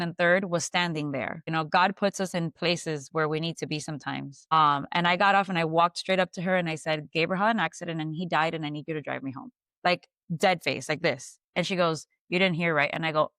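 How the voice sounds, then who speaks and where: Low-voiced woman telling a hard story. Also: smooth, no room sound, studio quality. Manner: steady, matter-of-fact retelling with frequent "like" and "I go". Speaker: guest. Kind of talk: emotional personal storytelling.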